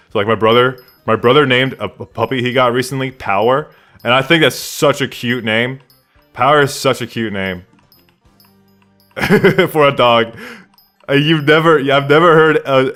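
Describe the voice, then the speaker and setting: A man's voice: medium pitch, fairly bright tone. A man streaming a game live from his room at home, rambling casually and answering chat questions aloud.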